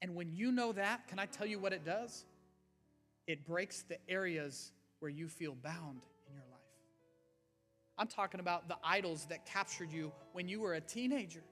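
Bright-voiced preacher man. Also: high voice, normal speed. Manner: earnest, conversational preaching with rising emphasis. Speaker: pastor. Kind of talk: sermon. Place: church sanctuary. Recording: faint music underneath.

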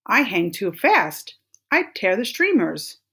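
A woman voicing a hasty rabbit in a storybook read-aloud who makes quick, dismissive excuses. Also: mid-range voice, sing-song, fairly bright tone, breathy edge, exaggerated voice.

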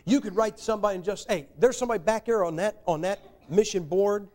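Folksy, high-voiced male preacher. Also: quick pace, a little mellow. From United States. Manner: folksy, joking preaching with emphatic rises. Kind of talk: sermon.

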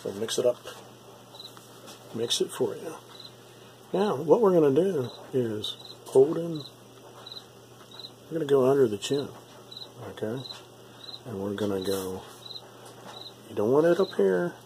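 Gravelly man teaching airbrush painting. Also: mid-range voice, unhurried, long pauses, slight background noise, rough recording. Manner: relaxed, repeats himself, says "okay?" often. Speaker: miniature painting instructor. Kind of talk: casual step-by-step tutorial.

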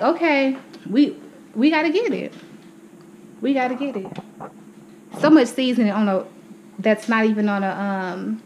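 A woman's voice: mid-range voice, a little mellow, a little hiss or hum, poor audio. Chatty young woman, out of breath. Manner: chatty, addresses viewers as y'all. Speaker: vlogger. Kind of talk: casual grocery haul walkthrough. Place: home, indoors.

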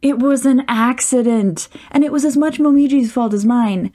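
A woman's voice: a little high, lively intonation, moderate pace, a little mellow, voice pushed up. A woman voicing a flustered young man in a storybook reading, nervous and defensive.

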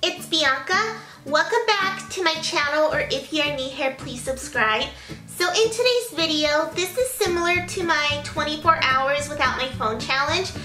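A woman's voice: high-pitched, animated, normal speed, reverberant, over music. A young woman chatting to a handheld camera at home in a bubbly, casual vlog style, with small sighs and laughs. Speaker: vlogger. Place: at home, indoors.

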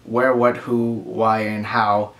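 A young man from Long Island, New York, co-hosting a casual Q&A chat with relaxed, dry humor. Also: fairly low pitch, slow. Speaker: co-host.

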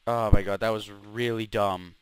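A man's voice: lowish voice, fairly even intonation, normal speed, clean tone, dry recording. A young man hosting a Minecraft let's play, grumbling, swearing and trash-talking the mobs as he plays. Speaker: gaming channel host.

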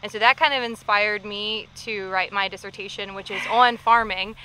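Chatty woman historian, bright voice. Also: mid-range voice, fairly even intonation, moderate pace, hardly any pauses, slight background noise. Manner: chatty, laughs often, explains at length. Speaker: historian co-host. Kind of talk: casual presentation chat.

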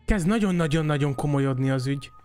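A man casually commenting on his gameplay during a live stream, chatty and laughing in quick asides. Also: fairly high pitch, darkish tone, soft background music. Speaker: gaming streamer.

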